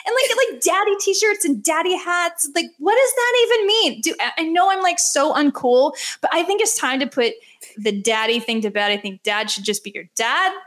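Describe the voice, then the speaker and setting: A woman hosting a podcast, ranting in an animated, sarcastic way about fan habits. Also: high voice, moderate pace. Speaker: podcast host. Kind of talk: casual podcast chat.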